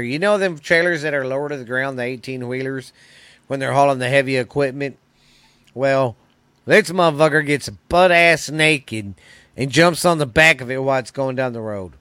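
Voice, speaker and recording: A man hosts his podcast, spinning odd news stories in a loose, profane ramble. His voice sits at an average pitch for a man. The recording is dry and close, with no room sound. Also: a bit bright, smooth, no room sound. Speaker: podcast host. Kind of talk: casual podcast chat.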